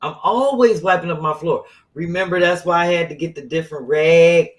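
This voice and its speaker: A middle-aged woman co-hosting a casual podcast, telling stories with playful, animated complaints. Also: fairly low pitch, fairly quick. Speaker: co-host.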